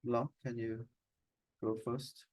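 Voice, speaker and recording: Slow-talking guy teacher, chill online class vibe. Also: mid-range voice, poor audio. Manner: relaxed, unhurried questions to students.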